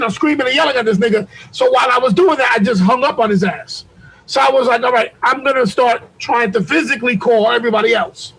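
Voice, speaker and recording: On a low-quality video call, a man with an extremely high, slightly bright, breathy voice talks quickly as he tells a story. He's a podcast co-host, and the retelling is animated, heated and profane, with him acting out what people said.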